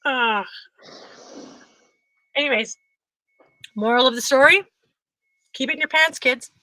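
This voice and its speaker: A woman co-hosting a talk show, telling a funny story in a casual, animated way and acting out what others said. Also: sits high, unhurried, no room sound. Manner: animated, frequent laughter, acts out quotes. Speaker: podcast co-host.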